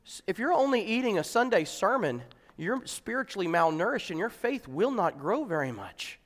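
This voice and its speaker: High, bright-voiced preacher man in a hall. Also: big pitch swings, normal speed. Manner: conversational, rising to fervent exclamations. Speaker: pastor. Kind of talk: sermon.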